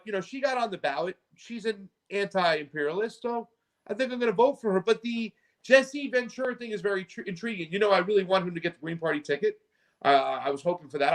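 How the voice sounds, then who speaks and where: Man caller, chatty and loose, high-pitched voice, casual phone-in chat. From California. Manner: chatty, with repeated "you know what I'm saying".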